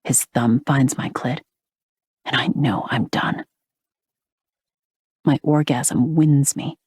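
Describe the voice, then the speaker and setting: A woman narrating a first-person romance audiobook in a breathy, half-whispered, intimate way, close to the mic. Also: rumbling low, slow, a little mellow, dry recording.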